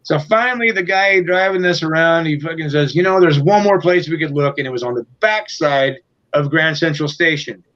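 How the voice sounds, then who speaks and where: A man's voice: a little high, normal speed, fairly bright tone, lo-fi sound. Profane, rambling man telling a road story. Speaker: guest musician. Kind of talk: casual anecdote in an interview.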